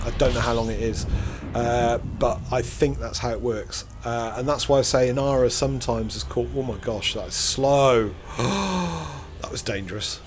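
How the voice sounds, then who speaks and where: A man's voice: medium pitch, a little hiss or hum. A middle-aged man giving casual, rambling commentary while playing a space game, often laughing at himself. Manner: rambling, self-deprecating, chuckles to himself. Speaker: gaming channel host.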